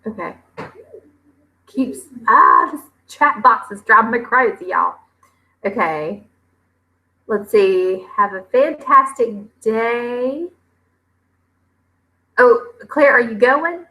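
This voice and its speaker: A chatty woman, reading viewer comments on a casual livestream. Her voice is bright and forward, and she fills her talk with ums and pauses. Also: fairly high pitch, expressive, rough recording. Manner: chatty, with many fillers and drawn-out pauses. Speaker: homestead vlogger hosting a livestream.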